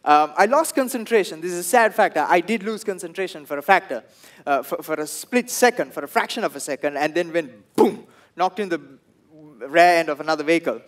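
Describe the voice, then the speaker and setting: A young man with a Sri Lankan English accent performing a stand-up comedy set, telling stories and acting out the people in them in loud bursts. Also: on the high side, brisk. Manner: animated storytelling, acts out quoted people in loud bursts.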